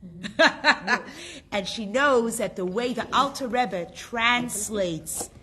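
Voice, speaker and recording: A middle-aged Canadian woman with a fairly high voice teaches a casual group class at a slow pace. She is lively and chatty and frequently puts questions to her students.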